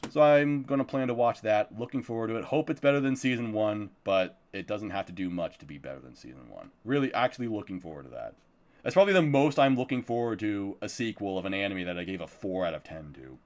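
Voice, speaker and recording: A man's voice: on the low side, lively intonation, quick pace, darkish tone. A man streaming live, chatting casually about upcoming anime, swearing freely and laughing often.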